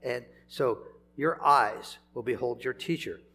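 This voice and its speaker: A man's voice: mid-range voice, measured pace, creaky, bright, forceful tone, slightly rough. An older man preaching a sermon, conversational, with chuckles and sudden emphatic swells.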